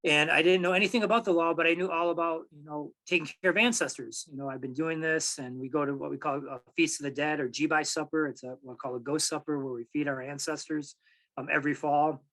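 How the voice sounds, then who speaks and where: Halting, relaxed man telling a personal story. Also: fairly high pitch, low-quality recording. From Michigan, USA. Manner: relaxed, halting, many fillers and restarts. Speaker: tribal archives director, speaker.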